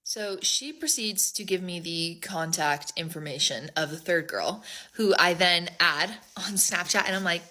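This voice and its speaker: A woman's voice: fairly low pitch, brisk, bright, forceful tone. A young woman telling a storytime in a casual, chatty way, full of "like".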